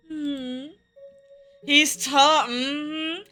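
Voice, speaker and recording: A woman's voice: high voice, animated, moderate pace, sharp tone, faint music behind. A young woman playing a visual novel with commentary, playful and teasing, laughing often and throwing in slangy asides. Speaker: gaming content creator.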